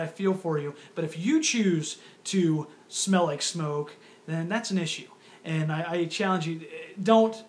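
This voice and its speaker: Earnest young man with a high voice. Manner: earnest, repeats his points, challenges listeners. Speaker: youth ministry speaker. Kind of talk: earnest talk to youth. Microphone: phone or webcam camera.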